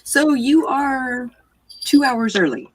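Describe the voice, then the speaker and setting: A woman acting as storyteller for a tabletop role-playing game, talking in a relaxed, hesitant way with many fillers. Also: high voice, slow pace, no room sound, distant mic.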